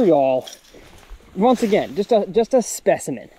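A man, hosting a fishing vlog from a boat outdoors, excitedly exclaiming and talking to the fish as he catches them. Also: high-pitched, moderate pace. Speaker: fishing channel host.

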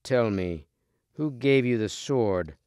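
A man reading as a noble king, speaking slow, measured and resolute, in a smooth, clear, lowish voice. The storybook delivery sits close and dry on the mic. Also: lively intonation, darkish tone, dry recording. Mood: solemn. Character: noble wounded male king, solemn and resolute.

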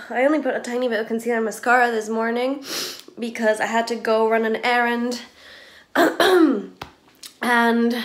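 Brief: young woman, student vlogger, slightly higher voice, nasal and stuffed-up, chatty and rambling. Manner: rambling, giggly, lots of "like". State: stuffy, congested from hay fever. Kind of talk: casual chatty vlog. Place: at home, kitchen area.

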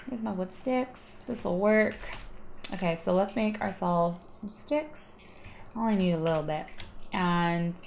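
A woman's voice: lowish voice, vocal fry, a little hiss or hum. A woman hosting a gaming video, chatting casually and rambling with giggles as she plays. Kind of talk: casual gameplay commentary.

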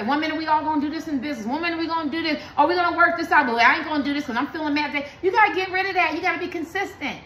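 A woman's voice: sits high, pushed and bright, roomy sound, slight background noise, rough recording. A woman giving a blunt, emphatic tarot reading, talking in slang and preaching to her viewers. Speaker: tarot card reader.

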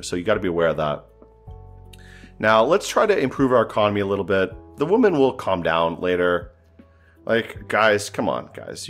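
A man giving casual, joking commentary while playing a strategy game, thinking aloud and sounding exasperated. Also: on the low side. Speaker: gameplay streamer.

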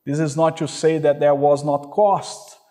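A man's voice: a little high, flat delivery, measured pace, mellow. A man preaching a sermon as a pastor, earnest and emphatic, often saying "you know" and calling out "hallelujah".

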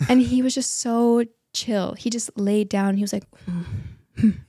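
A young woman guest on a podcast telling a story in a casual, animated way, acting out what people said. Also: fairly high pitch, unhurried, no room sound, studio quality. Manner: animated, acts out quotes, many likes and restarts.

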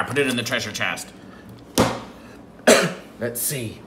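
A man teaching a children's phonics lesson from home, sounding out words slowly and playfully. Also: mid-range voice, sharp tone. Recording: faint dishwasher hum at home.

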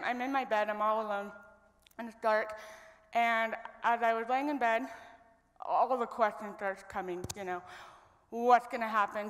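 Young woman, from Idaho, earnest storyteller, slightly high voice, long echo of a big hall. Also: fairly bright tone. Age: young adult. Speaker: guest speaker at a women's event. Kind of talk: personal story told on stage. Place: stage in a large hall. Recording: long reverb of a large hall.

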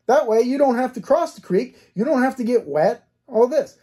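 Speaking as a cold case detective, a man with a very high-pitched yet husky, mellow, darkish voice reasons through a case one point at a time at a moderate, expressive pace. He answers his own rhetorical questions and firms up each point with "okay?" in case analysis commentary.

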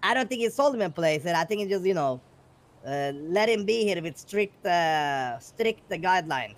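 A man's voice: high voice, animated, moderate pace. A man talking in character during role-play, rambling, swearing often and laughing at his own stories. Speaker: role-play gang member.

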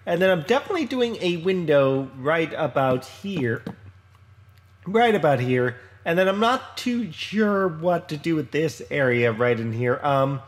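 A man talks casually over his own gameplay in a somewhat high, lively voice that swoops up and down. He rambles, stops and restarts, and pokes fun at himself as he goes. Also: a little slow. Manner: chatty, rambling, self-deprecating, frequent fillers and restarts. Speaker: Minecraft let's play host.

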